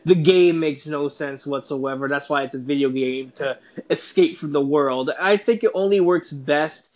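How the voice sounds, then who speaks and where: A man in casual chat about films, joking and animated. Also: fairly high pitch, normal speed.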